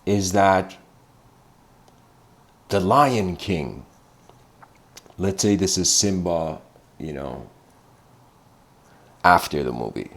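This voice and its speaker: A man giving a meandering, livestreamed philosophical lecture, often clearing his throat as he tells a story. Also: deep voice, lively intonation, drawn-out words, long pauses, fairly bright tone.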